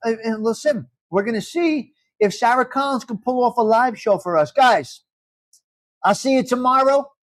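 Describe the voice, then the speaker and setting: A man's voice: very high voice, dry recording. A man hosting a live morning chat show, talking brashly with plenty of swearing. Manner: brash, profane, bursts of laughter. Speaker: host.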